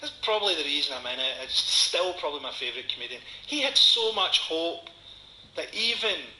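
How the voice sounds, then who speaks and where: A Scottish man in his forties doing a stand-up comedy set, with a dry, sardonic delivery and dark punchlines. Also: on the high side, big pitch swings, brisk. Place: comedy venue before a live audience. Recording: echoey venue with audience noise.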